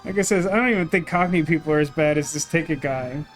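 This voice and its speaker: A man's voice: a little high, faint music behind. A man casually chatting and joking while streaming a game. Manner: chatty, joking, quick asides.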